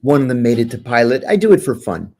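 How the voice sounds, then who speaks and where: A middle-aged man, a podcast guest, telling a long anecdote with restarts and lively acted-out quotes. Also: medium pitch, fast talker. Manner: animated storyteller, restarts and fillers, acts out quotes. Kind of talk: anecdotal storytelling in a podcast interview.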